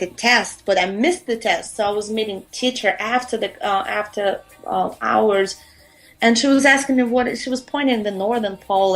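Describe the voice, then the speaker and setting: A woman from Europe, a musician guest on a radio show, telling stories in a chatty, rambling way with many fillers. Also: fairly high pitch. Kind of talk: casual radio interview storytelling.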